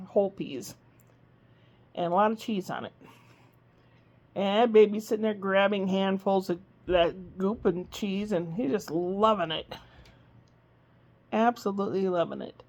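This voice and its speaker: A woman's voice: mid-range voice, darkish tone. A woman vlogging in casual chat, rambling through a homey story with plenty of fillers, from her living room.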